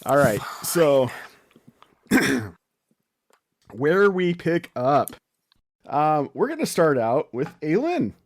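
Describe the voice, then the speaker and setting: A man's voice: on the high side, slow, long pauses, dry recording. Laid-back male game master. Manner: relaxed, chatty, laughs often. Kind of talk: narrating a tabletop game.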